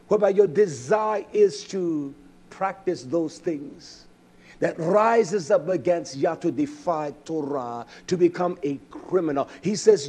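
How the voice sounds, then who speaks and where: A high-voiced male preacher with a husky, slightly breathy tone delivers a fiery sermon at an unhurried pace. He swings between impassioned shouting and hushed, quiet stretches. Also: expressive.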